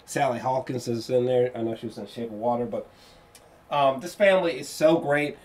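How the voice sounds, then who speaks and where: A man giving a casual spoken film review, rambling and excitable, with lots of fillers and restarts and free swearing. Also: medium pitch, fairly quick. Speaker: movie reviewer.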